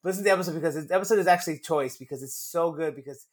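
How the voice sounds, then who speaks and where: A man hosting a podcast in casual chat, excitable, laughing often, swearing and restarting his sentences. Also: a little high, racing. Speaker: podcast host.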